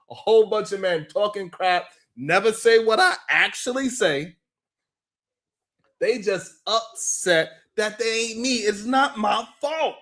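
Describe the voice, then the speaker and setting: A man with a high voice hosts a live stream at an easy, drawn-out pace. He talks in a loose, slangy and mocking way, laughing often and calling out viewers in the chat by name. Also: a bit bright. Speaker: live-stream show host. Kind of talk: casual live-stream commentary.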